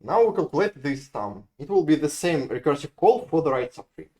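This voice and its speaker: A man's voice: fairly high pitch, big pitch swings, brisk, dark tone. A man with a Russian accent giving a university lecture on code, often restarting and repeating words as he works through examples. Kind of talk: live lecture explaining code.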